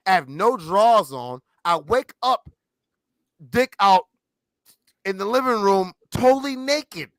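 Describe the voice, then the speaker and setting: A man telling profane stories in casual chat, animated and loud when he acts out quotes. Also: high voice, a little slow, long pauses, dry recording, rough recording. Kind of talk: casual crude storytelling.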